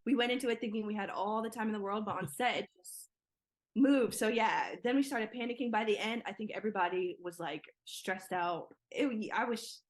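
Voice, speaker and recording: A young woman guest in an interview, talking casually with lots of "like" and "yeah" fillers. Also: mid-range voice. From Nigeria. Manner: chatty, quick, many "like" and "yeah" fillers. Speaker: guest, filmmaker.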